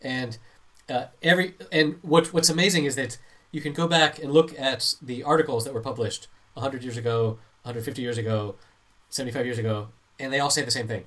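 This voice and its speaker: A middle-aged man and parent chats casually and opinionatedly. He stumbles and restarts before landing his points, in an even, mid-pitched voice. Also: fairly quick. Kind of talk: casual chat.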